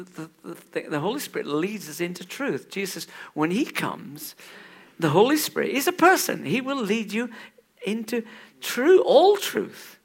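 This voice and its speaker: A man preaching a sermon in a church, animated, swinging from hushed asides to loud exclaims. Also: high voice, husky.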